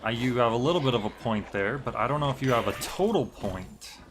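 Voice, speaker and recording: A man's voice: mid-range voice, expressive, a little fast, a little hiss or hum. A man giving casual gameplay commentary on a stream, joking and reacting to chat as he plays. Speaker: game streamer.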